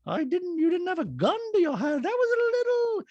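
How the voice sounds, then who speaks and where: A man voicing a fussy, wounded reality-TV woman in a breathy, high falsetto. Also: huge pitch swings, fairly quick, darkish tone, no room sound, highs cut off, heavily acted. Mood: hurt. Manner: shrill, breathy falsetto impression.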